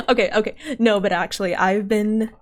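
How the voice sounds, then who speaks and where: A woman VTuber streamer chatting casually on a live stream, giggly and rambling, her voice tired and wearing out. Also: medium pitch. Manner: giggly and rambling, with many restarts.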